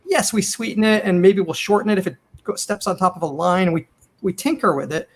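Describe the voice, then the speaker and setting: A man's voice: high voice, fairly quick, breathy edge. A man who writes and runs TV comedies, telling a behind-the-scenes story in a casual interview and acting out the lines people said. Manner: animated, acts out quoted lines.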